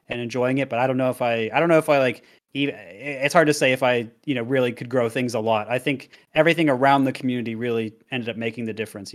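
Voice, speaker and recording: A young man speaking in an interview, candid and self-deprecating as he reflects on his past. He talks at an easy length, owning his limits plainly. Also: mid-range voice. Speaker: guest, competitive player and streamer.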